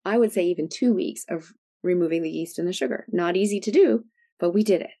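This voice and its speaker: A middle-aged woman with a warm, mellow voice talks through her points as an interview guest. She explains in a chatty, flowing way and keeps checking in with "right?". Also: fairly low pitch, quick pace. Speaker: guest expert on food sensitivities. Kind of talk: conversational interview.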